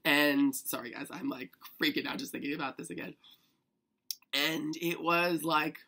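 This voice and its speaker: A young man telling a story to camera in a chatty, excitable vlog manner, full of "like". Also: a little high, moderate pace, creaky. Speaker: vlogger.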